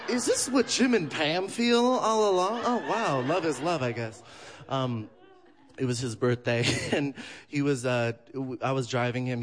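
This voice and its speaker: A man doing a live stand-up set, animated and laughing at his own jokes. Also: on the high side. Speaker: stand-up comedian. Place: live theater stage. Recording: noisy live theater audio.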